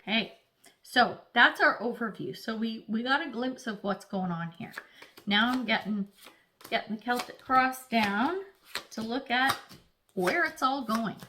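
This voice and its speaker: A woman's voice: on the high side, measured pace, slight background noise. Chatty woman doing a tarot reading. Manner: chatty, animated, acts out little voices; speaks of herself as an earth sign. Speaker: tarot reader. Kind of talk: casual spoken tarot reading.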